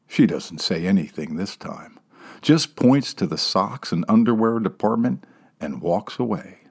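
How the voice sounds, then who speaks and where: A man reading a story aloud as narrator, wry and sardonic, dropping into hushed asides. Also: on the low side, expressive, measured pace, breathy edge. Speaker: audiobook narrator. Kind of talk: scripted narration.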